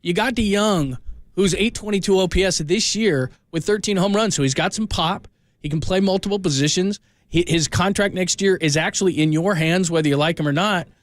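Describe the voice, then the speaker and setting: Insistent sports radio host, higher voice. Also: male voice, a little fast, no room sound. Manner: insistent, argumentative, repeats himself. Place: radio studio.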